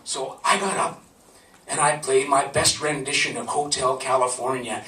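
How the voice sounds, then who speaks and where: Recorded from afar on a camcorder, the sound is roomy as a man at a live event venue tells a personal story to the crowd, conversational and laughing. His medium-pitched voice has a sharp tone, fairly even intonation and a moderate pace.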